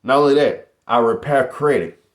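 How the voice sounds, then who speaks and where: A man's voice: medium pitch, normal speed, reverberant. A middle-aged man talking casually to his viewers in a boastful, motivational vlog style. He keeps calling them "y'all.". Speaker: YouTuber.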